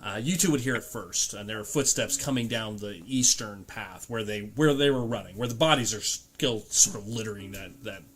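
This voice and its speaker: A man narrating as game master in a casual tabletop game, pausing often with fillers. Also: on the low side. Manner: relaxed, halting narration with many fillers.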